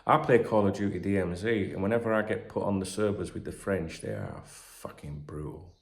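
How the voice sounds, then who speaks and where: Gravelly, echoey middle-aged male football host. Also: low-pitched, lively intonation, a little fast. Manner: chatty and cheeky, swears and jokes between reading headlines. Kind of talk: casual football transfer gossip commentary. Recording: roomy echoey room.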